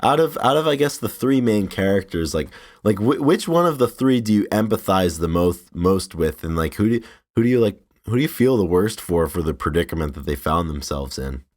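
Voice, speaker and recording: A man co-hosting a podcast in casual chat, telling stories and quoting film lines in lively put-on voices. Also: deep voice, brisk. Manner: animated, quotes movie lines in put-on voices. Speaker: podcast co-host.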